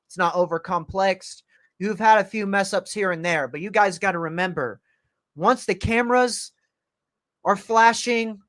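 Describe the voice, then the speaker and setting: A man with a high-pitched voice, starting to lose it, livestreaming excited play-by-play reactions to a wrestling match from his home computer. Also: no room sound. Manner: excited play-by-play, calling moves as they happen. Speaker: livestream host. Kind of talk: live wrestling reaction commentary.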